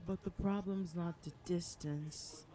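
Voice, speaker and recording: A woman's voice: medium pitch, sing-song, slow, warm tone. A woman streaming a video game live, talking emotionally and repeating pleading phrases as she plays. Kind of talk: live gaming stream chat. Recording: game music playing behind.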